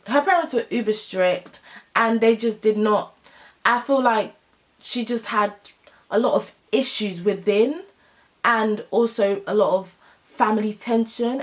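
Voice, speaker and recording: Chatty young woman telling a story. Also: a little high. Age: young adult. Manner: chatty, playful, fillers and asides. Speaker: vlogger. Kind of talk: casual storytime chat.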